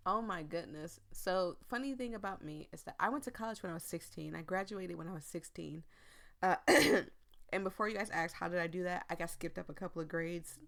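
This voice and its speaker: A woman's voice: lowish voice, fairly quick, vocal fry, a bit bright. A young woman from the United States chatting casually while playing a story game, rambling, laughing often and losing her voice. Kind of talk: casual chat while reading game text aloud.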